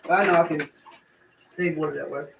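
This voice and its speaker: An older woman with a hoarse, congested throat, chatting warmly and ramblingly to her livestream viewers from her home kitchen. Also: deep voice, steady tone, a little fast, noisy background. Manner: chatty, rambling, heartfelt, talks straight to chat. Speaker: livestream cooking host. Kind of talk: casual livestream chat to viewers. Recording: voice distant from the mic.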